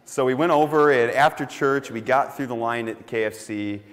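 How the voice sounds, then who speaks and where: A man preaching a sermon as pastor, telling a personal story in a conversational way and dropping to soft, quiet emphasis. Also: mid-range voice, moderate pace. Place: church sanctuary. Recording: long hall reverb.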